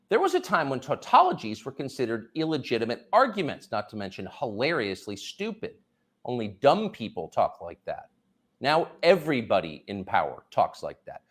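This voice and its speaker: Man with a wildly swinging sarcastic delivery. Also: mid-range voice. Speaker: commentary host. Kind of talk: sarcastic political monologue.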